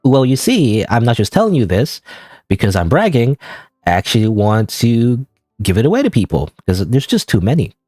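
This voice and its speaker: A man's voice: mid-range voice, sing-song, moderate pace, darkish tone, no echo, clean studio sound. A man streaming a game live, giving casual, rambling, self-deprecating commentary full of "you know" and "I don't know.". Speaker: gaming streamer.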